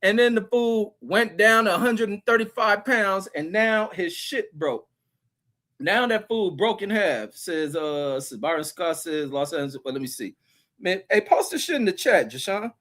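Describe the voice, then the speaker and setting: A man's voice: sits high, animated, normal speed, a bit bright. A man hosting a livestream, reading chat comments and ranting about basketball in a loose, profane, repetitive way. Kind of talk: casual profane sports rant.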